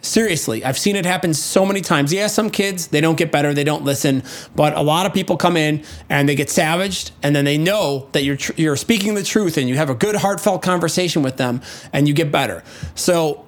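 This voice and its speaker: Middle-aged male producer-host, blunt and profane, voice sits a bit high, acts out rants. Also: a little fast. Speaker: music producer and show host. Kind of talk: casual talk to camera.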